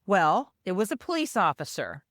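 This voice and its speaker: An older woman co-hosting a podcast recounts a personal story in a mid-range voice at a moderate pace, recorded in clean studio sound with no room tone. She tells it with animation, performing the voices of the people involved.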